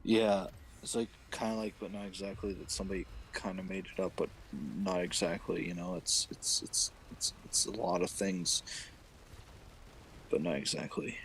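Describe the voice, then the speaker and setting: A young man with a fairly low voice rambles through crude, mock-serious stream chatter. He circles back on his own phrases. Faint noise sits under the recording. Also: steady tone, normal speed, vocal fry, fairly bright tone, low-quality recording. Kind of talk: casual stream chat.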